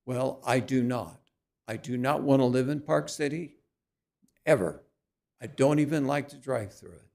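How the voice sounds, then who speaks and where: A man's voice: medium pitch, normal speed, gravelly, a little mellow. A man from Virginia giving a blunt, indignant public comment at a council meeting. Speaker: resident speaking at public comment.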